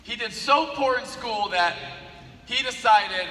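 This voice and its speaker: In an echoey hall, heard from far off with faint ambience, a man gives a motivational speech. His voice is very high-pitched and a little slow. He tells a story as an animated storyteller, repeating phrases again and again for emphasis.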